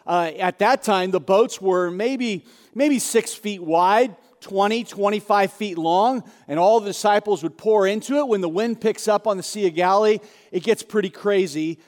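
A man preaching a sermon, telling the story in an animated, conversational way and acting out the dialogue. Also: high voice, normal speed, hardly any pauses. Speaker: pastor. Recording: long hall reverb.

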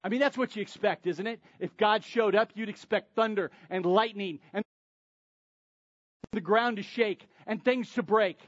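High-voiced preacher, dramatic hushes. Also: male voice, normal speed, no room sound, highs cut off. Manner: dramatic, swings from loud to near-whisper. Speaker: pastor. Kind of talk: sermon.

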